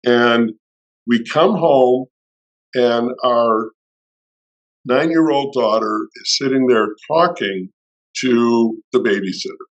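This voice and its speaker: Middle-aged male podcast co-host, mid-pitched, storytelling, chatty with restarts. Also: takes it slowly, pauses often, dull audio. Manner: anecdotal, with restarts and acted-out quotes. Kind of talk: personal storytelling in conversation.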